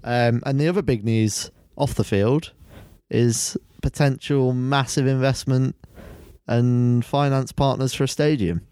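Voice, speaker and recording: A man's voice: medium pitch, fairly even intonation, a little slow, mellow, clear, resonant tone. A man co-hosting a podcast in casual chat, with a wry, teasing manner. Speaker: podcast co-host.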